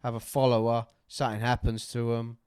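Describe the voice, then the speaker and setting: A man's voice: mid-range voice, level tone, brisk, a little mellow, smooth, no echo, clean studio sound. A man co-hosting a podcast, casual chat, rambling and jokey with loose swearing. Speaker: podcast co-host.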